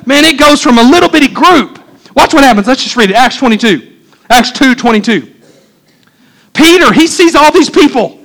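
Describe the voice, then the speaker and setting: A male pastor preaching a sermon, talking fast and excitably with many restarts. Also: extremely high pitch, rough recording.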